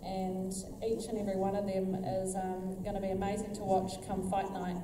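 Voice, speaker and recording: A woman's voice: medium pitch, monotone, moderate pace. A woman talks about the fight in an easygoing way, with plenty of fillers. She is heard from a distance in a hall with long reverb and background noise. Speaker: event promoter and debut boxer. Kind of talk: casual weigh-in remarks.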